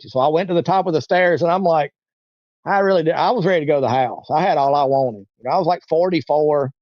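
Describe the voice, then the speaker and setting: A man in his forties tells a long story in a loose, rambling way, with a voice a little higher than most men's. The sound is muffled and a bit lo-fi, and it is very dry with no room around it. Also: quick pace, no room sound. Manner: rambling, acts out quoted voices. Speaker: interview guest. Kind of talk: casual storytelling.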